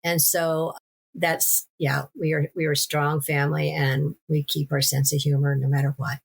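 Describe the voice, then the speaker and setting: A woman, a podcast guest and author, telling her story in an interview in a lively way, with restarts. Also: deep voice, normal speed, gravelly, breathy edge. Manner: animated storytelling with laughs and restarts.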